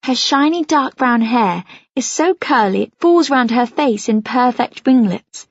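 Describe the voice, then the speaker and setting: Husky woman reading a novel. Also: a little high, lively intonation, unhurried, dry recording, muffled recording. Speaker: audiobook narrator. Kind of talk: first-person novel narration.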